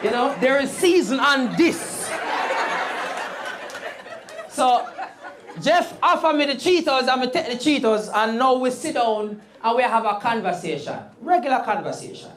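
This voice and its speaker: A Jamaican woman doing animated stand-up storytelling in patois on a comedy stage. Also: sits high, a little slow, a little hiss or hum. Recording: live crowd laughing.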